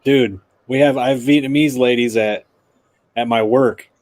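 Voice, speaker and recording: A man's voice: medium pitch, steady tone, normal speed, darkish tone. A man chatting casually on a car live stream, joking and laughing often. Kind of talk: casual chat.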